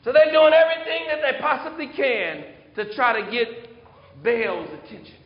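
A man's voice: extremely high pitch, normal speed. Guy preaching, storytelling from scripture, long hall reverb, kinda dull lo-fi. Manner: animated storytelling, reading scripture aloud. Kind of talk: sermon. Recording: echoey hall, dull sound.

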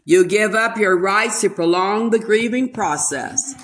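An older woman delivering a sermon at an unhurried, deliberate pace. Her delivery is emphatic, with weight laid on key words. Her pitch sits in a middle range. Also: fairly bright tone. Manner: slow, emphatic preaching. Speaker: preacher.

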